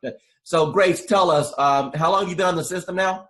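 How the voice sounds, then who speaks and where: A man's voice: high-pitched, fairly quick, fairly bright tone. A man who coaches realtors, interviewing clients with probing, leading questions for a sales testimonial.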